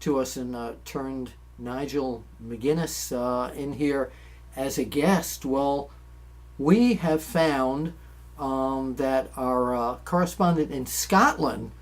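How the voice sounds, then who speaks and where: A man's voice: medium pitch, takes it slowly. A man hosting a casual chat, talking in a chatty way and stretching his sentences out with fillers. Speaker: host.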